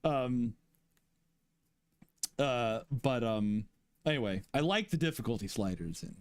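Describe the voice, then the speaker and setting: A man chatting loosely on a stream, slow to get his words out and laughing at his own jokes. His voice sits a little high and swings widely in pitch, and the sound is close and dry with no room. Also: expressive, no echo. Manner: laughs often, rambling with restarts. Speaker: streamer ranking fan fiction chapters. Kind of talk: casual stream chat.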